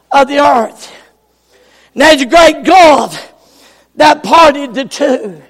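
A man preaching a sermon, shouting in impassioned bursts and repeating his phrases for emphasis. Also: very high voice. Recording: echoey church hall with long reverb.

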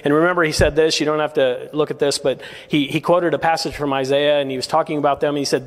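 A man preaching from a church pulpit, earnest and exhorting, his voice a touch high for a man. He breaks into short chuckles between his points. A long reverb hangs on every word in the sanctuary. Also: fairly even intonation, quick pace, hardly any pauses. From United States. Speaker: pastor. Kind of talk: sermon.

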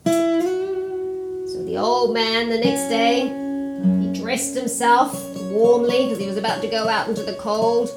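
A woman telling a children's folk tale in a lively, expressive way, sometimes slipping into a sing-song lilt. Her voice sits a little higher than most women's, with guitar music playing clearly behind her. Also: slow. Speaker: storyteller. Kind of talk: storytelling for children.

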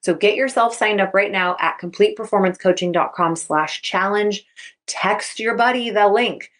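A woman's voice: mid-range voice, moderate pace, fairly bright tone. A woman in her thirties, a sports mindset coach hosting her podcast, talking casually and upbeat, acting out quotes as she goes. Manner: upbeat, chatty, acts out quotes. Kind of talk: casual solo podcast talk.

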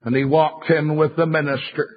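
An older man preaching a fiery revival sermon, telling stories and rising into shouts. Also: on the high side, flat delivery, moderate pace, slightly rough. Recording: muffled lo-fi sermon recording.

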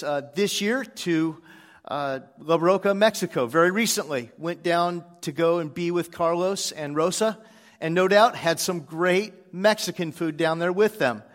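A man, one of the church's pastors, preaching a sermon to his congregation in a relaxed storytelling way, with frequent "uh" fillers. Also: on the high side, long reverb tail. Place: church sanctuary.

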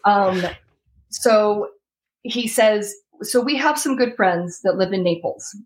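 A young woman speaks as a guest, telling a hard personal story with earnest feeling. Her voice sits in a middle register and now and then breaks into quick, pressing runs of words. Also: medium pitch, crowd noise. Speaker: interview guest. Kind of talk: emotional storytelling.

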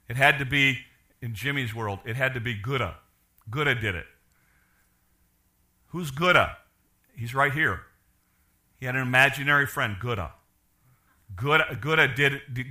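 A middle-aged man preaching a sermon, animated, acting out quoted characters, with frequent restarts. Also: mid-range voice. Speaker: pastor.

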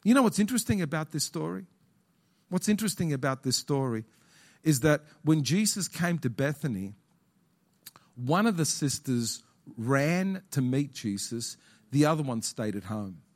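Animated preaching man, lively pitch. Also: normal speed. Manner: animated preaching, repeating key phrases, questioning the congregation. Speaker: pastor. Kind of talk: sermon. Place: auditorium.

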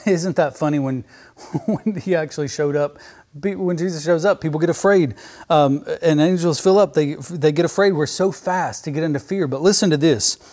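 A man's voice: on the high side, normal speed, a little mellow. A man preaching a fervent sermon on his podcast, speaking straight to the listener. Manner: fervent, emphatic, addresses listener as "my friend".

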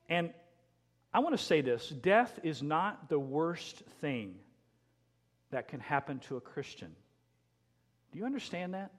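Earnest preacher in a ringing hall. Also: male voice, on the high side. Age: middle-aged. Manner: earnest, emotional storytelling with soft, hushed moments. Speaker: pastor. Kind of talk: sermon.

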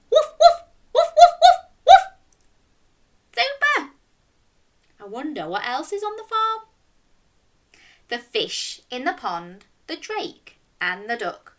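Lively woman reading a children's story. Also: medium pitch. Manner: animated, coaxing listeners to join in with animal sounds. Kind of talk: reading a picture book aloud to young children.

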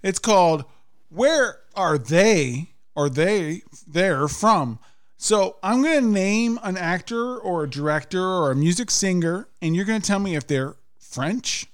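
A man with a notably high voice plays quiz-master on a casual podcast. He teases his co-hosts and guest, calls out questions and answers, and laughs easily. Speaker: podcast host running a quiz game. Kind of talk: casual studio banter.

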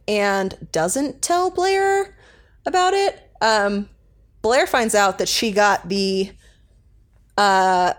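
A young woman co-hosting a podcast, chatting casually and rambling with lots of fillers as she recaps an episode. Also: medium pitch. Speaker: podcast co-host.

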